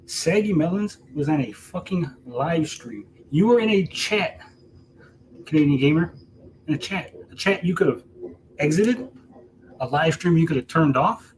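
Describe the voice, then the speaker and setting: Male streamer, heated profane callout rant, slightly high pitch, faint background hiss. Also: lively intonation, unhurried, poor audio. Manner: heated, profane, repetitive, mocking. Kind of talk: angry callout rant to camera.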